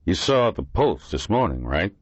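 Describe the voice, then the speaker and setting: A man's voice: sits low, big pitch swings, moderate pace, no room sound, full character voice. A man voicing an irritable, blunt male police lieutenant in an audiobook reading. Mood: impatient. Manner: gruff, blunt. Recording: dull lo-fi dry recording.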